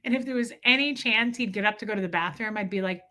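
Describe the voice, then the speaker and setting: Bright, animated woman host chatting. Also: medium pitch, quick pace. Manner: animated storytelling, laughing, reading out chat. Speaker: livestream host. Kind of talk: casual chat with a live audience.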